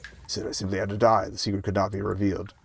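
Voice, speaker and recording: A man streams a point-and-click game, reading its dialogue aloud in a casual low murmur and swearing now and then. His husky voice is monotone and very fast, with vocal fry.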